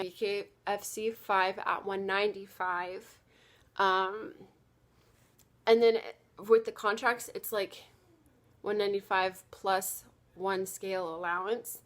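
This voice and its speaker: Young woman, casual vlog, rambling storyteller, quotes people mid-sentence, medium pitch. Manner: rambling, chatty, lots of fillers and quoted asides. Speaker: vlogger.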